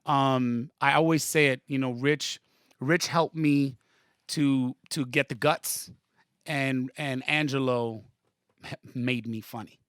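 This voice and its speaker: Slow-paced and medium-pitched, a male comedian on a podcast animatedly tells profane stories and acts out the quotes in them, his tone clean. The studio sound is clean and dry.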